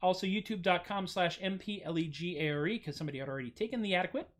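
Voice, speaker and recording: A man's voice: high voice, very fast, a bit bright. American guy chatting on his home stream, goofy and self-mocking, voice jumps way up on jokes. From United States. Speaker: streaming musician host. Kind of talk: casual livestream chat.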